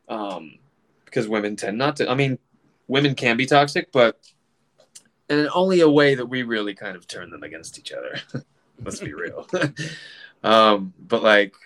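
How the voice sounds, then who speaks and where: A man's voice: on the low side, fairly bright tone. A middle-aged man and comedian chatting casually, rambling with profanity, laughing often and acting out quoted exchanges. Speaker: comedian, group admin. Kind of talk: casual podcast chat.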